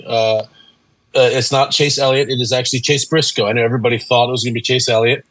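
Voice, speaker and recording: A man's voice: mid-range voice, fairly even intonation, fast talker, fairly bright tone, no room sound, rough recording. A man co-hosting a casual podcast from home on a video call, joking and chatty. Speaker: podcast co-host. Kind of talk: casual chat. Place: home room with family nearby.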